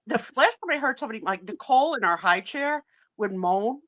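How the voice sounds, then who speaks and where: During a live stream, a middle-aged co-host animatedly recounts a dating story in casual conversation, voicing the people in it herself. Her voice is on the high side and a little fast. There's no echo, though the lo-fi stream sound is dull.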